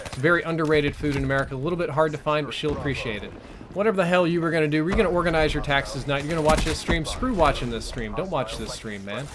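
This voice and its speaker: A man with a Southern US accent, giving blunt, earnest advice and swearing freely while streaming gameplay. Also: fairly high pitch. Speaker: gaming streamer. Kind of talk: live gameplay commentary with chat. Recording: game gunfire loud behind voice. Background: video game gunfire.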